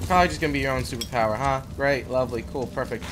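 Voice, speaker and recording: A man's voice: mid-range voice, racing, noisy background. A young man giving let's play commentary, jumpy and sarcastic, yelping when startled. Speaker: gamer.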